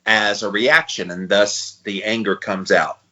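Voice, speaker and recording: A man in his forties co-hosting a podcast, thinking out loud and steering the chat with questions. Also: lowish voice, fairly even intonation, unhurried, dull audio. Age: 40s. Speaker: podcast co-host.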